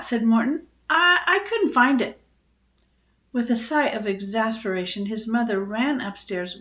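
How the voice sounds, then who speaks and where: An older woman reading a children's book aloud, expressive with small slips. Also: medium pitch. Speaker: storyteller. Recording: echoey lo-fi home recording.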